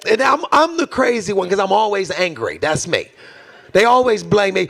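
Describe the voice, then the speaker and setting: A man's voice: high voice, big pitch swings, moderate pace, a bit bright. A man doing a stand-up set, ranting in exasperation about his kids and their phones. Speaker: stand-up comedian. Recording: live club set with audience laughter.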